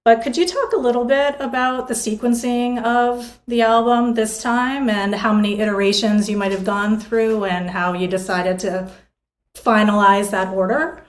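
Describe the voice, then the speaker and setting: A woman co-hosting an interview, asking clear, friendly questions. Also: fairly high pitch, fairly even intonation, normal speed. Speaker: co-host interviewer. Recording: echoey room.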